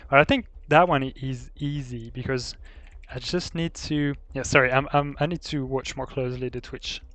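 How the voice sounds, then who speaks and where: A man's voice: mid-range voice, fairly even intonation, moderate pace, fairly bright tone, no room sound. A man with a French accent, a native French speaker, chatting casually as a live streamer while he builds in a game, thinking aloud with many hesitations. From France.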